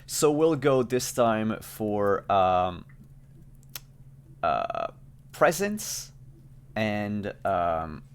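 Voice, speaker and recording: A man's voice: fairly low pitch, wildly swooping pitch, extremely slow, long pauses, clean tone. A man narrating as game master of a tabletop game, casual, with frequent fillers.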